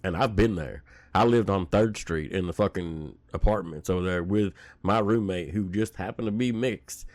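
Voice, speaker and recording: A man's voice: sits low, normal speed, few pauses, a little mellow, no echo, clean studio sound. A man in his forties hosting a podcast, ranting bluntly and heatedly with constant swearing. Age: 40s. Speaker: podcast host. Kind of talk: casual rant.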